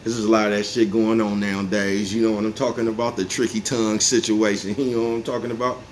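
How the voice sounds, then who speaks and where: A man's voice: fairly low pitch, little pitch movement, fast talker. A man in his forties talking to his viewers in a casual, rambling monologue, laughing to himself and often asking whether they follow him. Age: 40s. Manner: laid-back, repeats "you know what I'm talking about", chuckles often. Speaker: vlogger. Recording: faint background noise.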